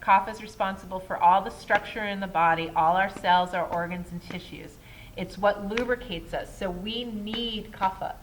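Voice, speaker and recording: A woman's voice: medium pitch, fairly even intonation, normal speed, a little hiss or hum, low-quality recording. A woman teaching a casual Ayurveda class at a yoga studio. She talks in a chatty way, keeps asking "right?" and laughs at herself.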